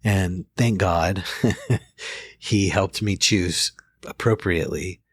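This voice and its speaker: A man's voice: sits low, slow, breathy edge, dry recording. A man in his forties, a therapist hosting a casual podcast conversation, telling reflective stories and often restarting his sentences. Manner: reflective storyteller, with frequent restarts. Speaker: therapist host.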